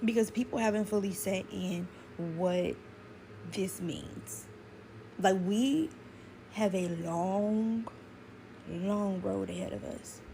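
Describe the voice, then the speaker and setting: Woman vlogger, earnest and close to tears, low gravelly tone, faint hiss behind. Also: steady tone, slow, dark tone. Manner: earnest, pleading. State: holding back tears. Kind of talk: earnest emotional monologue.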